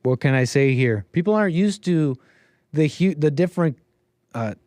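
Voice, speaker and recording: A man hosting a casual livestream, his voice sitting a little high for a man. He rambles and hesitates, piling up fillers and restarts. The sound is close and dry, with no room around it. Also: expressive, moderate pace, a little mellow, no room sound. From Canada. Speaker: livestream host taking calls.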